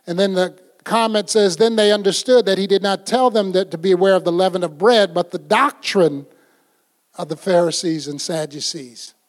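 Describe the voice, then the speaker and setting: A man's voice: sits high, moderate pace. An older man preaching a folksy, conversational sermon, acting out little scenes as he goes. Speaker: pastor.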